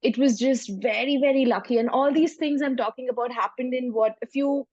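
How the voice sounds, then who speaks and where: A woman's voice: high-pitched, steady tone, brisk, darkish tone, no echo, highs cut off. A woman at a parents' panel recounting her birth experience in a conversational way. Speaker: parent sharing a birth story. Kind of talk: panel discussion storytelling.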